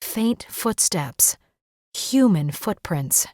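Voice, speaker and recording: A woman's voice: medium pitch, animated, very slow, darkish tone, dry recording. Woman reading suspense, dry close sound. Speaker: audiobook narrator. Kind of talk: scripted narration.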